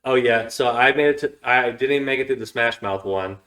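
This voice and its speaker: A man's voice: medium pitch, a little fast, fairly bright tone, recorded from a distance. A young man co-hosting a podcast, chatting casually and retelling scenes in a laid-back, meandering way. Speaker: podcast co-host. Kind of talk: casual chat. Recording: echoey studio room.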